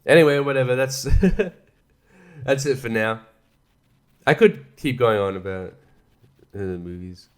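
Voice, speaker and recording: A man's voice: medium pitch, slow pace, long pauses, clear, resonant tone. A young man hosting a casual solo podcast, rambling, swearing a lot and laughing often. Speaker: podcast host.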